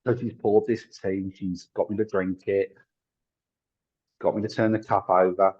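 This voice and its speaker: A man's voice: low-pitched, little pitch movement, a little slow, a little mellow, husky. A middle-aged man, a tarot reader and medium, telling chatty stories in an interview, laughing often and acting out the people he quotes. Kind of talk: casual storytelling in an interview. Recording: dull lo-fi sound.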